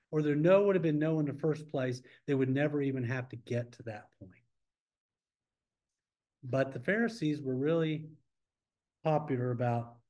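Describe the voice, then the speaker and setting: A man leading a church Bible study in a relaxed, conversational way, asking the class questions as he teaches. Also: mid-range voice. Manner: informal, asks the class questions.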